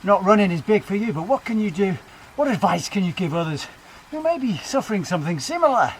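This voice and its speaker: An over-eager male news anchor with a mock-serious broadcast manner, as a man puts him on. The voice sits high, pushed up for the bit. Faint room noise hums in a home training room. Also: sing-song, fast talker. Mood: probing. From Britain.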